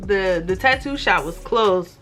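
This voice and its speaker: A woman's voice: mid-range voice, expressive, unhurried, fairly bright tone, soft background music. A young adult woman vlogger telling a casual, profane storytime, acting out the voices of the people in it.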